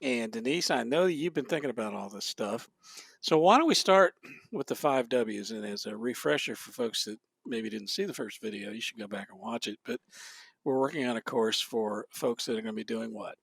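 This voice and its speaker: A man's voice: medium pitch, moderate pace, gravelly, a bit bright, husky, no echo. A man hosting an instructional talk show, upbeat and walking viewers through a list of topics. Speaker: host.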